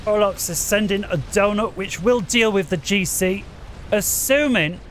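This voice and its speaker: A high-pitched man calling a long strategy game match at his desk microphone. He talks quickly and grows more animated as the action heats up, urging the players on. A faint hiss sits under the recording. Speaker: game commentator. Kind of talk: excited strategy game commentary.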